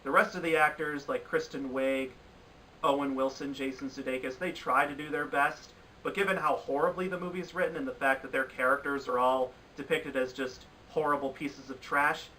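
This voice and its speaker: A man's voice: medium pitch, steady tone, moderate pace, bright, forceful tone, far from the mic, a little hiss or hum, rough recording. A man giving an opinionated countdown of bad films, sounding exasperated and ranting in his critique. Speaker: film reviewer. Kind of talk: opinionated film review countdown.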